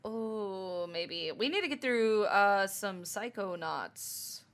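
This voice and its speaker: A woman co-hosting a gaming podcast, chatting casually with quick reactions and casual swearing. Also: medium pitch, animated. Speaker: podcast co-host. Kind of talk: casual chat.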